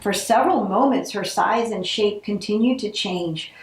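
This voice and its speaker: A woman reading a holiday picture book aloud, with expressive narration. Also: medium pitch, moderate pace, reverberant, low-quality recording. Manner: expressive, acts out the characters. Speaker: storybook reader.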